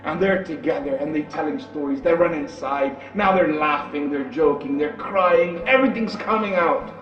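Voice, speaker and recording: A male preacher telling a story in a sermon with animated, dramatic delivery. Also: on the high side, normal speed, hardly any pauses. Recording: distant echoey dull recording with music.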